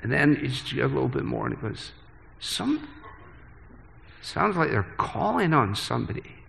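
Male preacher, gravelly voice, earnest sermon delivery, long church reverb. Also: mid-range voice, lively intonation, a little fast. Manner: earnest, varied dynamics from hushed to emphatic.

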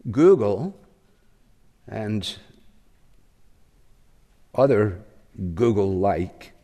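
A man preaching a sermon, measured and reflective, pausing often with small fillers. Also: lowish voice, animated, dark tone. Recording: long hall reverb.

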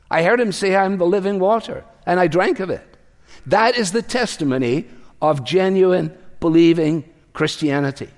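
Earnest preacher man in a reverberant hall. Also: fairly high pitch. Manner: earnest, rhetorical questions, varies his voice for emphasis. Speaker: pastor. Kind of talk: sermon.

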